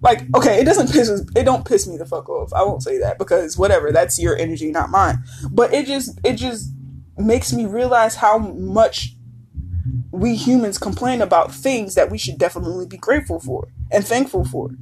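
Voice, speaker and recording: A woman's voice: mid-range voice, expressive, moderate pace, a little mellow, a little hiss or hum. A woman hosting a podcast, talking casually in a blunt, swearing, emphatic way. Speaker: podcast host. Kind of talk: casual monologue.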